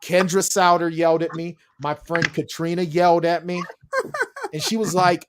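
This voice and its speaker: A man's voice: a little high, moderate pace. A man on a video call as an author guest in casual chat, telling stories with energy and acting out the people he quotes. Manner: animated storyteller, acts out quotes.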